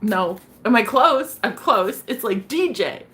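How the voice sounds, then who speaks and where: A woman's voice: fairly high pitch, lively intonation, slow, few pauses, fairly bright tone. A young woman hosting a tarot live stream, chatting casually and bubbly with her viewers, swearing freely and laughing often. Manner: bubbly, profane, laughs often, talks to chat.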